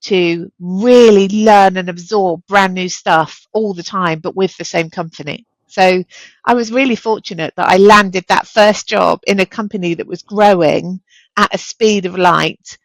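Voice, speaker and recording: A woman's voice: medium pitch, a little slow, no room sound, low-quality recording. A middle-aged woman, a chief executive, speaking as a guest in an interview, telling stories with energy and acting out the dialogue. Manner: energetic, animated storyteller, acts out quoted dialogue. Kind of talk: candid interview conversation.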